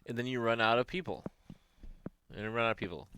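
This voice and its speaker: A man telling war-video stories in casual, profane podcast chat, animated and laughing often. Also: mid-range voice, quick pace, slight background noise. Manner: animated storyteller, swears often, laughs a lot.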